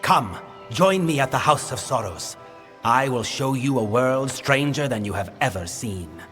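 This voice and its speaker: A man's voice: medium pitch, animated, unhurried, lightly acted. An actor playing a weary ancient winter fae king in a video game, speaking in a grave, formal, commanding way. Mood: solemn. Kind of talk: video game character dialogue. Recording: long reverb with game music.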